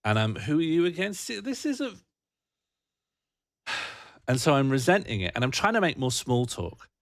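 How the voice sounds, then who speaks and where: A man's voice: mid-range voice, wildly swooping pitch, a little slow, a bit bright, no echo, clean studio sound. A British man hosting a livestream, chatting casually and reading out viewer comments in a rambling, jokey, self-mocking way. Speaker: livestream host.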